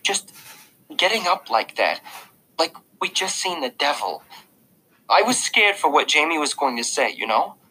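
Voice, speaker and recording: A man voicing a devout woman babysitter in a storybook reading, speaking in a slow, scolding, preachy way. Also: fairly high pitch, sing-song, bright, forceful tone, breathy edge, pitched above the performer's own voice, full character voice, rough recording.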